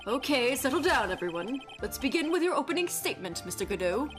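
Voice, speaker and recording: A woman's voice: high-pitched, sing-song, quick pace, faint music behind, pitched above the performer's own voice. A woman reading the lines of a fussy, easily confused old male judge in formal courtroom phrasing.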